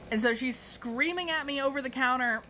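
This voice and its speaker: A woman telling a casual storytime monologue about her cashier job, animated and profane. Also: high voice, brisk, slight background noise, poor audio.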